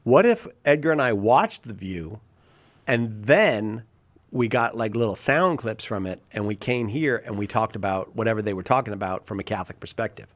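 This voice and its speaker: A man's voice: lowish voice, expressive, moderate pace. A man hosting a live call-in talk show, chatting casually and joking about himself while reacting to viewer comments. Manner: joking, self-deprecating, reads viewer comments. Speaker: radio show host.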